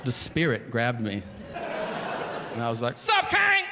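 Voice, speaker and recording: A man's voice: mid-range voice, takes it slowly, big-room sound, very noisy. A male stand-up comedian on stage with a handheld mic, telling a profane story and acting out the dialogue. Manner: animated, profane, acts out dialogue.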